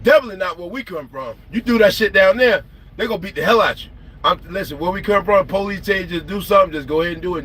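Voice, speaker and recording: A man's voice: fairly high pitch, slightly rough. A man, telling stories in a slangy, emphatic way on a late-night trucking livestream. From South Carolina. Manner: animated, slangy, emphatic storytelling. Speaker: trucker vlogger.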